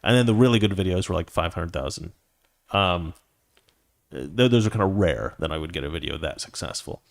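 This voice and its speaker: A man's voice: low voice, lively intonation, brisk, gravelly. A man hosting his own commentary show, ranting in a heated, indignant way. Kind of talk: political commentary monologue.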